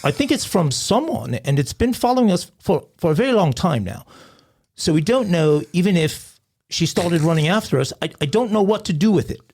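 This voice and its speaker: A man's voice: high-pitched, expressive, a little fast, a little mellow, slightly rough, voice pushed up, heavily acted. A man putting on a British accent to voice a hesitant, confused caller. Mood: flustered. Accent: put-on British. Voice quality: hesitant, stammering. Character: confused young British man calling about a cat.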